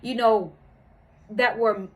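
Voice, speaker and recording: A married mother hosts her own podcast, giving a candid personal monologue in which she earnestly and heartfeltly encourages the listener, using many fillers. Her voice is a little high with fairly even intonation and a slow pace, captured in a low-quality recording.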